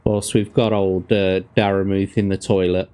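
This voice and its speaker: A man's voice: low voice, level tone, normal speed, warm tone. A man, hosting a livestream as game master, chatting with viewers and reading gamebook passages aloud. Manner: chatty, laughs easily, talks to his chat.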